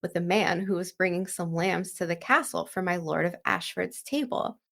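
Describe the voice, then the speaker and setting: A woman's voice: fairly low pitch, fairly even intonation, normal speed, vocal fry, fairly bright tone. A woman voicing a bold eight-year-old orphan boy in a casual, everyday paraphrase. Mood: cheeky.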